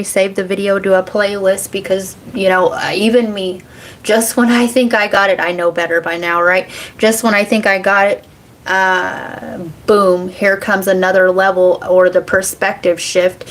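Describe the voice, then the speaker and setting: A woman, chatting casually on a livestream as a psychic reader, laughing often and cursing freely. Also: medium pitch. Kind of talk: casual live chat reading comments.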